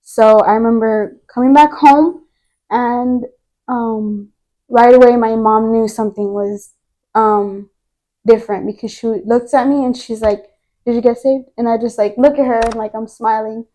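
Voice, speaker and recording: Here is a young woman in a podcast interview, recounting her faith testimony in an earnest, rambling manner and leaning on lots of filler words. Her voice sits a little high and sounds soft and mellow. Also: fairly even intonation, a little slow. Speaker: guest.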